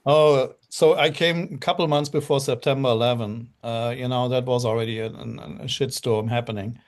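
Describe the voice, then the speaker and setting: A man's voice: medium pitch, fairly even intonation, normal speed. A middle-aged man from Germany with a German accent, earnestly telling his story as a guest with lots of fillers. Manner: earnest, rambling with many fillers. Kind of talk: casual storytelling on a live show.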